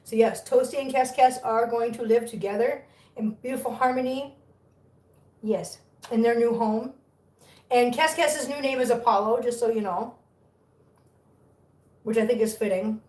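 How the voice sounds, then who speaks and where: Lady on a home livestream, kinda high voice, baby-talking her cats and chatting, sounds roomy and a bit far off. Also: moderate pace, long pauses, darkish tone. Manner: cooing baby talk to cats between chatty updates. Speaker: cat rescue livestream host. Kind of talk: casual livestream chat. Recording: echoey room, far from mic.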